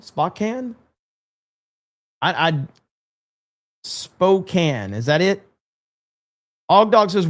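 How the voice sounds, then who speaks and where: Male stream host, loose and rambling, reads chat aloud, slightly high voice. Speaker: livestream host. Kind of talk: casual live stream chat.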